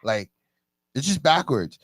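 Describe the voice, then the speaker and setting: A man chats in an animated, storytelling way, leaping high in pitch whenever he quotes someone. His voice sits at a middling pitch. It is recorded dry and close, with no room sound. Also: takes it slowly, husky, dry recording. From Canada. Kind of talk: casual chat.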